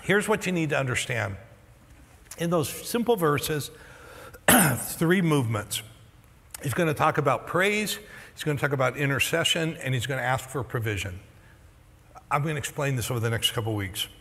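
A middle-aged man preaching a sermon as pastor, animated and joking, his voice going hoarse. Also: medium pitch, moderate pace, long pauses, big-room sound. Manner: animated, joking, acts out quoted reactions. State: losing his voice. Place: church auditorium.

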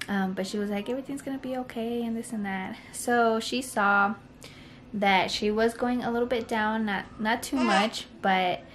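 A woman's voice: mid-range voice, fairly even intonation, measured pace, a bit bright, a little hiss or hum. A young woman telling a personal story to camera in a casual vlog, rambling and full of "like" and "you know". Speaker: vlogger.

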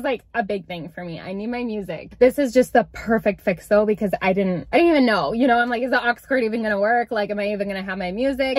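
A young woman chatting casually in a vlog from inside her parked car, bubbly and gushing, quick to get emotional. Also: fairly high pitch, no echo. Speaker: vlogger.

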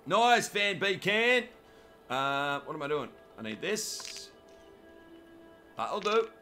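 Australian male streamer, fairly high pitch, bright forceful tone, cheeky live game commentary. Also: sing-song, slow, faint music behind. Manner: cheeky, joking, chats to viewers by name. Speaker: gaming commentator.

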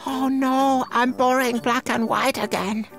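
A woman's voice: sits high, fairly even intonation, unhurried, fairly bright tone, faint music behind. A woman voicing a vain young female panda in a children's cartoon, showing off for attention. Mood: dismayed. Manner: show-off, attention-seeking.

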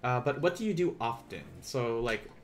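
A man's voice: mid-range voice, animated, normal speed, slight background noise. A man teaching a beginner language class on a live stream, asking the chat questions and encouraging them to try.

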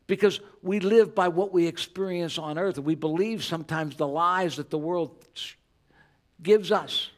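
An older man in his sixties preaches a Sunday sermon in a church sanctuary. His voice sits somewhat high for a man, and he speaks earnestly, sinking to soft, low asides before climbing to loud, emphatic peaks. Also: a little slow. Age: 60s. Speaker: pastor.

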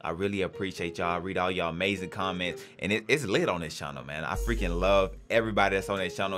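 A man hosting a reaction video, talking in an energetic, slangy way to his viewers. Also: deep voice, quick pace, hardly any pauses, music in the background. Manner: energetic, shouts greetings, slangy. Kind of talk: hyped YouTube intro.

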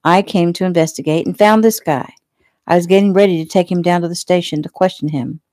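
A woman voicing a jealous, bullying small-town male police officer who talks loud and pushy. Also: high-pitched, fairly even intonation, a little fast, no echo, clean studio sound, close to an everyday voice. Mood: defensive.

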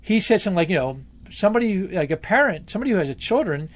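A man's voice: high voice, sing-song, rapid-fire. A man being interviewed, telling stories in a rambling, emphatic way and swearing freely. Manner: emphatic, profane, rambling storyteller. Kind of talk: candid conversational interview.

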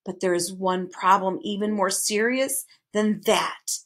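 A woman voicing a proud, quick-tempered male math wizard in a storybook reading, with huffy, bellowing outbursts. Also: a little high, a bit bright, lightly acted. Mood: ominous.

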